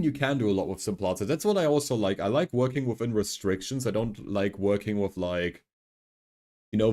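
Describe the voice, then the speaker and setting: A man's voice: on the low side, dark tone. A man who learned English as a second language, streaming a game and chatting casually while he thinks aloud, rambling and full of fillers. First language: not English. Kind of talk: casual gaming stream chat.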